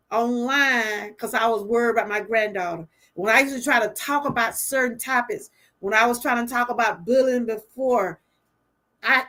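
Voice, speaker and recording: A woman's voice: fairly high pitch, fairly bright tone. An older woman, hosting a livestream and talking earnestly and from the heart straight to her viewers, often moved as she speaks. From Georgia, US. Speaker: livestream host. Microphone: webcam or phone livestream.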